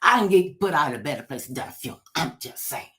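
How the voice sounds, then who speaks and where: Woman, talk show host, casual chat, lively comic storyteller, acts out voices. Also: sits low, quick pace.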